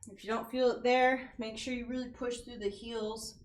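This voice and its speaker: A woman's voice: on the high side, little pitch movement, moderate pace, echoey room, a little hiss or hum. A woman leading a live workout class, counting reps and giving casual, encouraging form tips while out of breath. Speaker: fitness coach.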